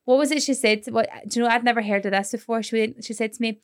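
A woman's voice: fairly high pitch, fairly even intonation, quick pace, clear, resonant tone, dry recording, studio quality. A Scottish woman, a mother, co-hosting a podcast in casual chat, blunt and swearing freely as she tells stories. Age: adult with children. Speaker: podcast co-host.

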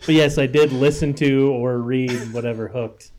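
A man's voice: mid-range voice, fairly even intonation, normal speed, darkish tone, slight background noise. A man with a mid-range voice in easygoing podcast conversation. He pushes back emphatically, often repeating his words for effect. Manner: emphatic, repeats himself, mock-dramatic. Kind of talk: casual chat.

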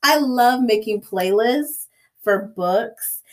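A woman's voice: fairly high pitch, lively intonation, slow pace. A young woman chatting casually about a book, acting out her own reactions in quoted asides. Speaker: book discussion guest.

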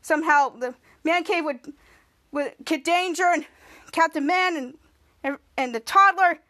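A podcast host, a woman, recounts a TV episode scene by scene a little slowly, her speech stopping and starting choppily. She gets louder and higher when performing what the characters say.

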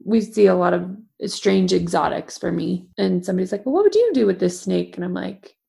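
Gravelly-voiced woman telling lively stories. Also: fairly low pitch, brisk. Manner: animated storyteller, acts out quotes. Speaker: veterinarian. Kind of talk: casual podcast chat.

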